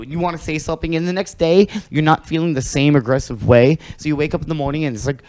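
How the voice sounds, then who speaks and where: A man's voice: on the high side, fast, few pauses, darkish tone, rough recording. A man talking casually on a podcast, ranting animatedly and swearing a lot. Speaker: podcast host.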